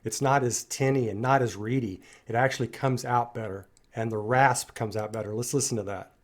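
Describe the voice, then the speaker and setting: A man's voice: mid-range voice, fairly even intonation, brisk. Enthusiastic man hosting a music reaction. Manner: enthusiastic and admiring, talks straight to viewers. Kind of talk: casual reaction commentary.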